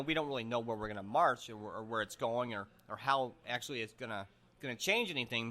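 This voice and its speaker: A man playing a rambling deadpan crank. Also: medium pitch, lightly acted. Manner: meandering, deadpan, stumbling over words. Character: rambling self-important male humanitarian guest, conspiracy-minded. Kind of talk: improvised comedy podcast bit.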